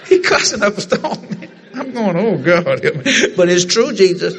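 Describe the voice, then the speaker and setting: A man preaching a sermon, telling a story in animated fashion and acting out the other people's lines. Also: sits high, moderate pace, gravelly, a faint crowd.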